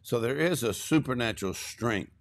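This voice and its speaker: A man minister teaching scripture in a steady conversational way, explaining verses and affirming his co-host. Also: mid-range voice, moderate pace.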